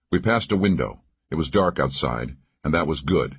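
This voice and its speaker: Deep husky man narrating a thriller. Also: expressive, moderate pace, few pauses, muffled recording. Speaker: audiobook narrator. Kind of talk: scripted first-person thriller narration.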